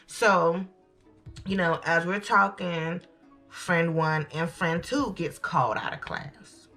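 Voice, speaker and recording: Bright-voiced young woman telling a story. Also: lowish voice, takes it slowly, soft background music. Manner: animated, chatty, addresses viewers as y'all. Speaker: storytime vlogger. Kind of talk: casual storytelling to camera.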